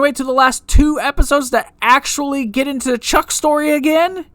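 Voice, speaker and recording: A man reviewing a TV episode in a casual rant, exasperated and animated, often restarting his sentences. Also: very high voice, normal speed, no room sound, studio quality.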